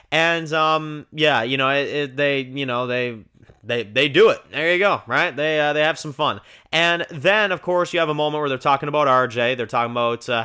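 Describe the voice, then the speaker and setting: Male TV review host, casual rambling recap, bright forward tone. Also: medium pitch. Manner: chatty, rambling with fillers, excitable.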